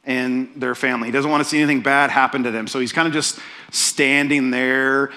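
A man preaching a sermon in a conversational, animated storytelling way, often restarting his phrases. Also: medium pitch. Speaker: pastor.

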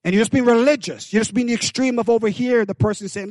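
A man preaching a sermon, with call-outs to the congregation, swinging from hushed lines to loud bursts. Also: very high voice, quick pace, no echo. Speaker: pastor.

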